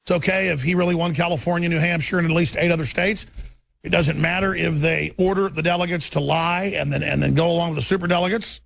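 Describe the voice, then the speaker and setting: A man's voice: a little high, steady tone, quick pace, creaky, a bit bright. A middle-aged man, hosting a political talk radio show in an intense, ranting, emphatic way. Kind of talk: political commentary broadcast.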